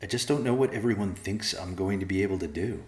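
Male narrator doing a young man raised by bears, earnest, hesitant, low voice. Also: fast talker, reverberant, a little hiss or hum, lightly acted. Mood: thoughtful.

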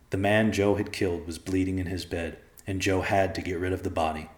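A man with a very deep voice reads a dark story in a measured, grave way. The reading rings in an echoey room. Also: little pitch movement. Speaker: narrator. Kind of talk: dramatic audiobook narration.

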